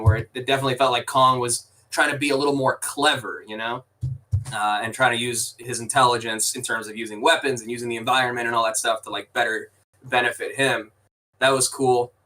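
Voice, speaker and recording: A man's voice: medium pitch, sharp tone, far from the mic, rough recording. A man co-hosting a podcast, chatting casually about a film in rambling, restarting sentences with the odd swear. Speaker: podcast co-host. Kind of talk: casual movie review chat.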